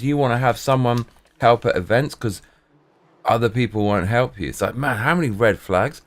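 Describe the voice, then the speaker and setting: A man's voice: medium pitch, normal speed. A man streamer telling rambling, profane stories in casual chat, full of restarts and swearing.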